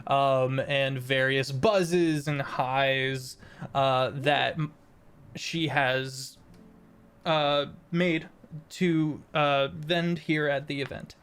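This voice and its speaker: A woman's voice: a bass voice, fairly even intonation, very slow, smooth. A woman narrating a tabletop role-playing game as game master, casual with many fillers.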